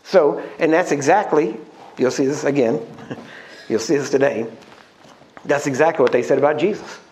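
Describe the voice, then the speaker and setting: A man preaching a sermon, emphatic, slowing down to stress key words and asking the congregation questions. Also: a little high, a little mellow.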